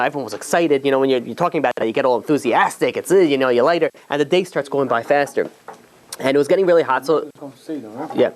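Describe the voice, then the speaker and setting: A man, a rabbi, telling a long story in a loose, conversational way, full of fillers and restarts. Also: fairly high pitch. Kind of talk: storytelling talk.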